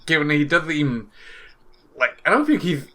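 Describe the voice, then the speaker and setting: A man's voice: a little high, very animated, a little fast, sharp tone. A man co-hosting a podcast in casual chat, rambling with lots of "like" fillers, swearing and laughing often. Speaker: podcast co-host.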